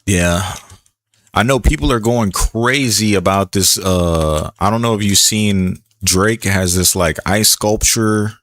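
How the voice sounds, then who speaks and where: A man's voice: on the low side, takes it slowly, a bit bright, dry recording, clean studio sound. A man casually chatting while he streams a shooter game, laid-back and talkative, greeting viewers in chat. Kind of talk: casual gameplay commentary.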